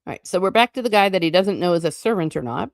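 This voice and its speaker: A woman's voice: fairly low pitch, animated, no room sound, studio quality. Chatty woman reading a novel aloud. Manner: chatty asides between passages, quick and playful. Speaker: book reading channel host.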